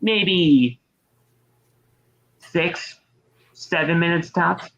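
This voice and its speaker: A man co-hosting a podcast, casually recapping a wrestling show with rambling play-by-play and quick impressions. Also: on the high side, a bit bright, dull audio. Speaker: podcast co-host.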